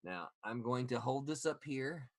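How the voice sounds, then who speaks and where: Animated rambling man, lively pitch. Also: unhurried, dry recording. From Florida, USA. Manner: rambling, animated storyteller with many restarts. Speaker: podcast co-host. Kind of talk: casual chat.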